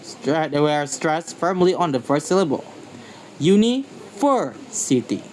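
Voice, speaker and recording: A man's voice: a little high, moderate pace, a little hiss or hum, poor audio. A man giving a slide-based pronunciation lecture, speaking carefully and repeating example words to model their stress.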